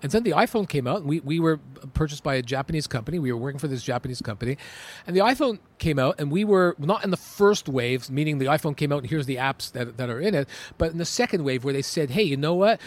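Brief: middle-aged entrepreneur from Canada, interview guest, lively storyteller, stumbles and restarts. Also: male voice, fairly high pitch, fast. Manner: animated, emphatic, with many restarts.

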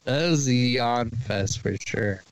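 A man co-hosting a podcast in casual chat, reacting excitably with quick jokes and laughter. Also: medium pitch, noisy background. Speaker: podcast co-host.

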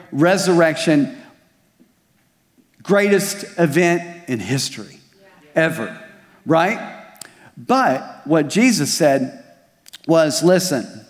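A man's voice: a little high, long reverb tail. A male pastor preaching a sermon, mixing scripture with personal stories and rhetorical questions. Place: church service at a community center.

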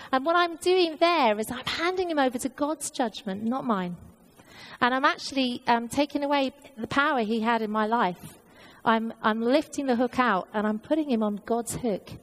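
A woman's voice: fairly high pitch, poor audio. A woman preaching a sermon, telling a personal story in an earnest way with many fillers and restarts.

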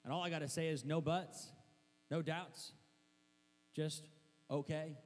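A young adult man preaching a sermon, telling stories with animated energy, shouting at times and laughing. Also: fairly high pitch, unhurried. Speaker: pastor. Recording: long hall reverb with mains hum.

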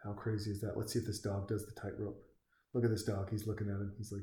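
A man's voice: lowish voice, little pitch movement, quick pace, warm tone. A man in his forties from Montana, giving casual, profane, rambling commentary while watching a movie. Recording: echoey room.

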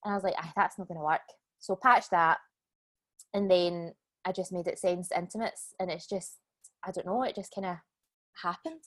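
A Scottish woman in her thirties, a business owner chatting as a podcast guest, relaxed and self-deprecating, laughing often. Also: lowish voice, moderate pace. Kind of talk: casual podcast chat.

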